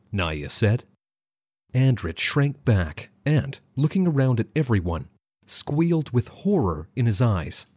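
Husky, lively storybook narrator. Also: male voice, mid-range voice, takes it slowly, no room sound, studio quality. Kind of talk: scripted narration.

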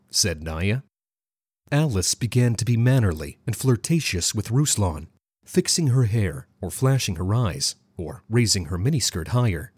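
A man with a husky voice giving expressive scripted narration of a story. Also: lowish voice, a little slow, dry recording, studio quality.

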